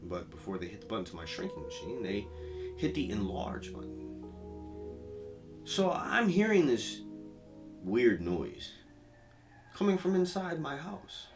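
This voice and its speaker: A man's voice: medium pitch, very animated, a little slow, long pauses. A man telling a crude, rambling comedic story with lots of profanity, recorded from a distance with music behind.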